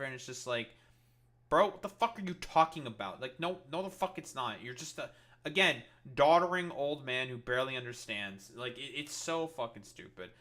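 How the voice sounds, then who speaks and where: A man's voice: mid-range voice, expressive, normal speed, a bit bright. A man streaming commentary, ranting in a heated, exasperated way and swearing constantly. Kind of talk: profane political rant.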